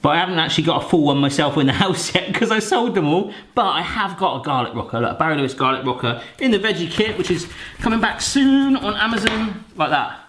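A man's voice: fairly high pitch, lively intonation, fast talker, few pauses, fairly bright tone. A man in his thirties chatting and joking through a cooking vlog in his home kitchen, with rambling asides. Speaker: cooking vlogger.

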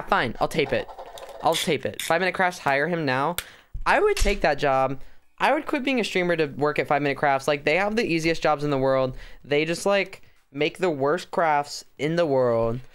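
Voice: medium pitch, lively intonation, normal speed, a bit bright, faint music behind. A streamer chatting casually through a livestream while crafting, rambling and joking with mock drama.

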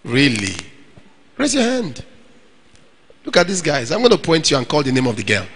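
Preacher, male, high and expressive voice, animated sermon to singles, long hall reverb. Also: normal speed, slight background noise. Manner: animated preaching, acts out little scenes. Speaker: pastor. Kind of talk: sermon to young single men.

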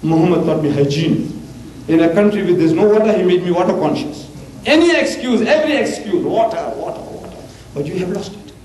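An older man preaches in a roomy hall, his slightly high voice mellow and dark. He talks animatedly and forcefully, leaping upward in pitch to make his points. A faint tape hiss sits under the archival recording. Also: a little fast. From South Africa. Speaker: preacher and debater. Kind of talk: impassioned public lecture.

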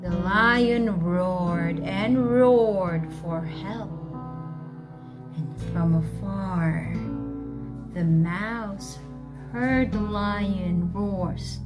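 A woman teacher reading a story aloud to children, asking them questions in a coaxing, animated way. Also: medium pitch.

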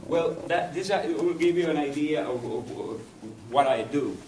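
Lecturing in English at a university, this male poet from Cuba, a native Spanish speaker, has a slightly mellow voice on the high side. He halts, wanders off topic and gropes for words, captured by a distant mic with faint hiss in an echoey room.

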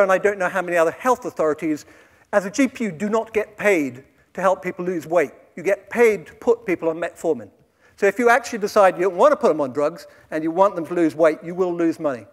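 Wry British man giving a lively talk. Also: fairly high pitch, long reverb tail. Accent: British English. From Britain. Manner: lively, wry and conversational, with asides. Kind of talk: live public talk with slides. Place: lecture hall with audience.

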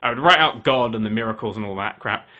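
A man ranting his opinions to camera in a heated, animated way. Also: fairly low pitch, fast talker, dull audio. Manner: animated, heated, switching into voices for quoted people. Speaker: video maker.

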